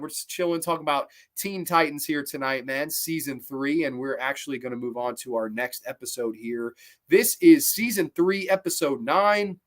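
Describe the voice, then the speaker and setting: A man's voice: mid-range voice, moderate pace. A man hosting a show, reviewing cartoon episodes in a rambling, casual way, with profanity and frequent self-corrections. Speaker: show host.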